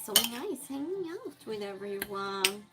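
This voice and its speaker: This woman's medium-pitched voice is very animated but slow, captured in a low-quality recording. She chats with her live-stream audience, reading their messages and responding while moving items around her small space.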